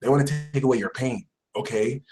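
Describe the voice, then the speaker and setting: A man hosting a casual astrology live stream, talking in a chatty, animated way and putting on mock voices. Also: mid-range voice, fairly quick, rough recording. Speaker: astrology channel host.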